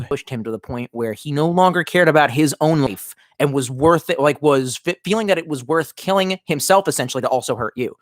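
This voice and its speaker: A man with a fairly high voice rambles through a live stream, reading viewer comments and swearing freely. He trails off, restarts and leans on fillers. The sound is dry and close, with no room echo. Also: lively intonation, brisk, fairly bright tone.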